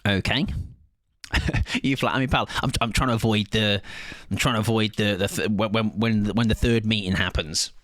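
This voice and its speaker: A young man streaming a game, chatting loudly and energetically with his viewers and laughing often. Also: lowish voice, steady tone, moderate pace, dry recording, clean studio sound. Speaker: livestreamer. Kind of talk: casual gaming livestream chat.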